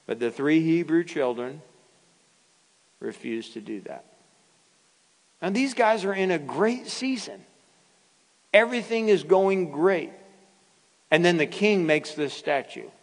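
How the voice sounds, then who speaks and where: A man preaching a sermon as a pastor, reading scripture slowly and with dramatic emphasis. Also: mid-range voice, long reverb tail, low-quality recording.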